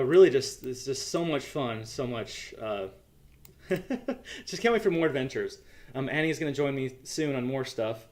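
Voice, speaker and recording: A young adult American man hosting a casual livestream chat, earnest and halting, with lots of ums. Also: medium pitch. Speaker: YouTube channel host.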